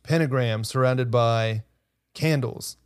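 A man's voice: medium pitch, takes it slowly, smooth, no room sound, studio quality. A man co-hosting a faith-based podcast, speaking earnestly and hesitantly, often repeating words as he thinks. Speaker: podcast co-host. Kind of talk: casual faith-based discussion.

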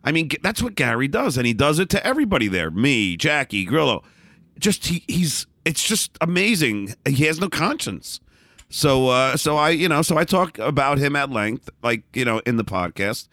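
A middle-aged man talks bluntly as an interview guest, his pitch swinging widely as he tells his stories. His tone is bright and forward, and he keeps stumbling into restarts and repeated words. The room sounds dry and close. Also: sing-song, moderate pace, no echo. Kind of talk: candid storytelling in a conversation.

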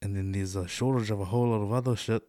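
A middle-aged New Zealand man co-hosts a casual podcast chat in a low, mellow voice with fairly even intonation and a quick pace, recorded dry. He's loose, swears plenty, laughs often, and peppers his talk with "eh" and "bro."

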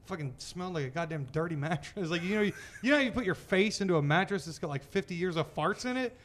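Loud profane guy telling stories, high voice that jumps all over, laughs a lot. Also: expressive, fast talker. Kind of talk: casual chat.

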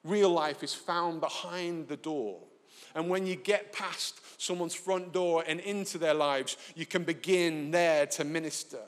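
A man preaching a sermon in a church, telling a lively, self-deprecating personal story. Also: on the high side, measured pace. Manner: animated storyteller, self-deprecating, acts out voices. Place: church, live. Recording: reverberant church hall.

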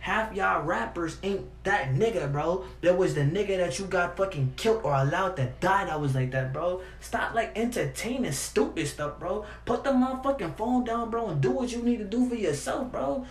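A man's voice: sits high, animated, normal speed, few pauses, a little hiss or hum. A young man giving a heated, profane monologue, full of repeated "bro" and restarts. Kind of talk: ranting monologue to camera. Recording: roomy echo with faint ambience.

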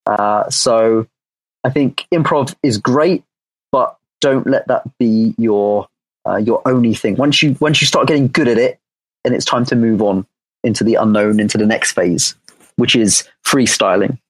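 A man's voice: mid-range voice, measured pace, no room sound, low-quality recording. A man chatting casually as a guest coach, upbeat and joking as he explains things. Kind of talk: casual chat.

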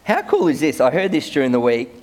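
A man's voice: mid-range voice, very animated, fast talker, darkish tone. A man preaching a sermon as a pastor, conversational, often repeating words as he starts sentences.

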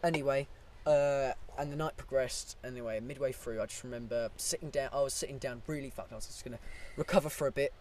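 A man's voice: medium pitch, fast talker, few pauses, darkish tone. A man tells a rambling drinking story on a podcast. He talks in a loose, unpolished way and swears often. Faint noise sits under his voice. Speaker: podcast co-host. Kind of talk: casual drinking banter.

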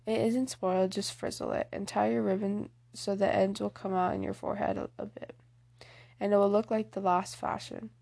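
A woman's voice: medium pitch, flat delivery, normal speed, creaky, a little mellow. A woman reading the lines of a young girl eager to soothe her sister in an audiobook, in a coaxing manner.

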